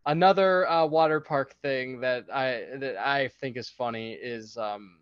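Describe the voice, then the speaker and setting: A man co-hosting a podcast, chatting casually about a movie in an animated way and laughing often. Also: unhurried, clear, resonant tone, no echo, highs cut off. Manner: animated, acts out quotes in high silly voices, laughs often. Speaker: podcast co-host.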